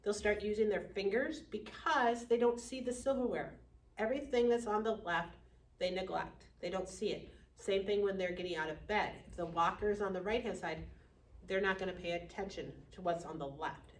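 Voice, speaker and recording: A woman teaching a class on dementia care, lively, acting out family members and residents. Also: medium pitch, normal speed. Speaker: dementia educator. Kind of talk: classroom lecture. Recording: echoey room from far off.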